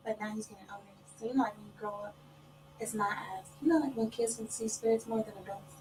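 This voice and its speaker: A woman from the guest's family chatting casually with quick, soft-spoken remarks in a studio. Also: a little high, steady tone, a little hiss or hum, poor audio. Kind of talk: casual chat.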